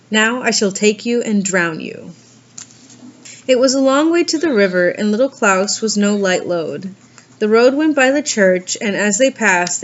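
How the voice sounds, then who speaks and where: A woman reading a fairy tale aloud, shifting her pitch and pace to act out the characters. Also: highs cut off. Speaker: reader.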